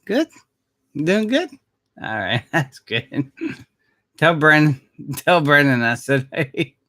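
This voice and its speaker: Slow-talking, laid-back man live-streaming. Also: a little high, very animated, sharp tone, no echo, studio quality. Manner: laid-back, rambling, chuckles often, swears casually. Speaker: maintenance worker streaming live. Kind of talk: casual live-stream chat with viewers. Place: Jacksonville.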